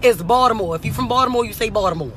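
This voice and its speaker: A woman's voice: on the high side, crowd noise. A young woman comedian ranting sassily and profanely in short comic clips. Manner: sassy, profane, rapid comic rants. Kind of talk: comedic social media clips.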